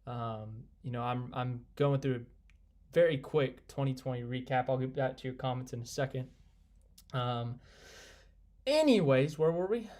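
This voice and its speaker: Excitable young man hosting a live stream. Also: medium pitch, moderate pace. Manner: rambling, excitable, reads viewer comments aloud. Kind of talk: casual live stream chat.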